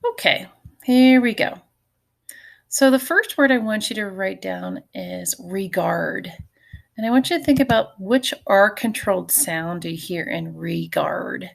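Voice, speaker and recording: A woman's voice: medium pitch, a little slow, vocal fry. A middle-aged woman teacher giving a recorded phonics lesson, patiently sounding out syllables and letters for her students.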